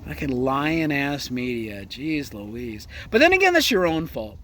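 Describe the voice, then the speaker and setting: A man's voice: medium pitch, sing-song, a little slow, pushed and bright. A man ranting casually about the news as a vlogger, crude and mocking, talking outdoors near a horse. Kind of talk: casual political rant.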